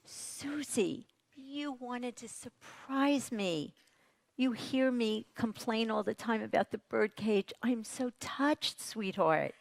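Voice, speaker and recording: A gentle, patient mother soothes her child in a soft, tender voice, a little higher than usual, as a speaker on stage puts her on. Her voice has a slight gravelly edge, and the sound is dry. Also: slow, no echo.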